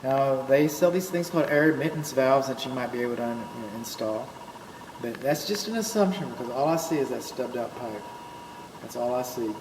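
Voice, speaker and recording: Brisk and mid-range, this man's Texan-accented voice belongs to a home inspector from Texas. He chats his way through a folksy walkthrough for a client, adding jokes along the way, inside an empty new house where the rooms echo and background noise stays constant.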